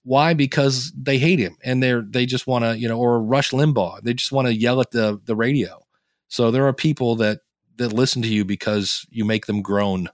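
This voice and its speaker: A mid-range male voice at normal speed belongs to an Ohio man chatting casually as a podcast guest. He's a lively storyteller who acts out quoted reactions. The sound is clean studio audio with no echo.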